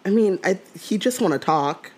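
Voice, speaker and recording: A woman's voice: mid-range voice, lively intonation, moderate pace, a little mellow. A woman co-hosting a casual podcast, laughing often and reading out listener comments in playful banter. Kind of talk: casual chat.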